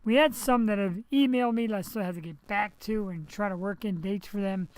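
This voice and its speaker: A man's voice: high-pitched, brisk, smooth, no room sound, rough recording. A man hosting his live internet show from home on a headset mic. He rambles in a loose, chatty way, tossing in jokey asides. He's recovering from surgery. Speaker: host. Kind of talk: casual live web show chat. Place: home setup, streaming.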